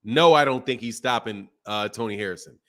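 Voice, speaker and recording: A man's voice: medium pitch, fairly quick, a bit bright. A man hosting a boxing channel, casually chatting on a live stream and reading viewer comments, repeating phrases as he goes.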